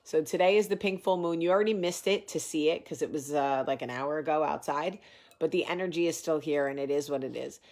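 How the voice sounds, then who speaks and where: A woman hosting a casual vlog, talking to camera in a rambling, animated way, with a sore, swollen face after dental work. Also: deep voice, brisk. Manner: chatty, rambling, animated asides. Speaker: vlog host.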